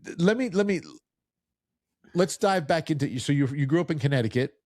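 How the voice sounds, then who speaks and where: A man's voice: a little high, lively intonation, brisk, darkish tone, no room sound, studio quality. A man hosting a podcast, chatting casually and telling jokey stories. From New Jersey. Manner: chatty, joking, storytelling. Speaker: podcast host. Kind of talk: casual interview chat.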